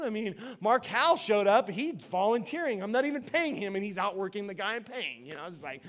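A man's voice: high voice, animated, brisk, fairly bright tone. A man pastor preaching a sermon to his church, telling a personal story in an emphatic, conversational way.

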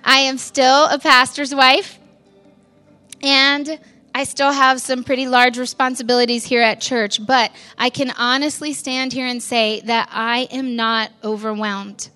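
Pastor's wife sharing her testimony at church, bright highish voice, chatty with lots of "like", soft music under it. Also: little pitch movement, unhurried, clear, resonant tone. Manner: candid, conversational, lots of "like" fillers, laughs at herself.

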